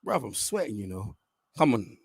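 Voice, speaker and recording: A young man reacting live to a football penalty shootout, swearing, muttering tensely and then shouting. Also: mid-range voice, big pitch swings, moderate pace, gravelly, husky, no echo, clean studio sound. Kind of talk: live watch-along reaction.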